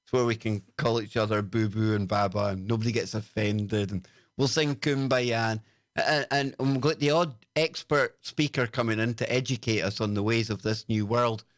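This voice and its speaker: A man's voice: fairly low pitch, moderate pace, no room sound, studio quality. A British man hosting a casual livestream, talking in a sarcastic, mocking way as he reads out chat comments. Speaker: livestream host.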